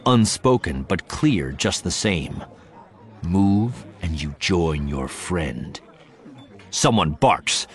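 Man, audiobook narrator, dramatic scripted narration, low voice, very lively pitch. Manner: dramatic, animated storytelling.

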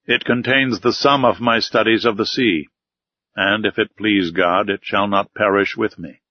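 A man's voice: medium pitch, a little fast, close to an everyday voice. A man reading the lines of a stern, secretive male sea captain in an audiobook, curt and ironic. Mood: solemn. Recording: slightly dull, dry recording.

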